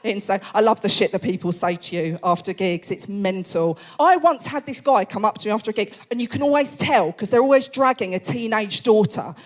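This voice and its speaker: A woman's voice: mid-range voice, expressive, fairly quick, few pauses. Brash Essex woman doing stand-up. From England. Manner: brash, sweary, self-mocking. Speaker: comedian. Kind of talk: stand-up comedy. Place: comedy club, live audience.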